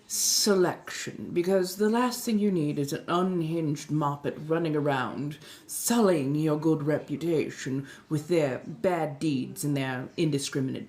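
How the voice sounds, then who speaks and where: A woman's voice: on the low side, darkish tone. A woman voicing a centuries-old refined female vampire in a colonial American accent, chatting with viewers on a livestream and calling them darling. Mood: gracious. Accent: 1700s colonial American. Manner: genteel, unhurried, fond of endearments. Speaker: streamer. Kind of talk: in-character livestream chat.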